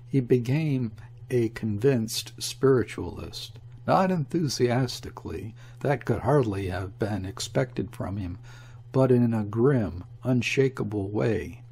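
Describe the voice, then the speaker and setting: A man narrating a classic story as an audiobook, in a measured, even way. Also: medium pitch, gravelly, slightly rough.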